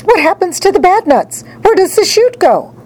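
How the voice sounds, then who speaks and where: A woman's voice: very animated, moderate pace, a little mellow, a little hiss or hum. A woman voicing a panicked, shrieking middle-aged mother in a storybook reading. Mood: frantic. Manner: high-pitched panicked shrieking.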